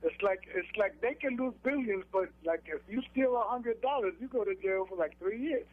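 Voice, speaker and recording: Male radio caller from Manhattan, high voice, halting and indignant, heard over a thin phone line. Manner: halting, filler-heavy, indignant. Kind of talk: phoned-in comment to radio show.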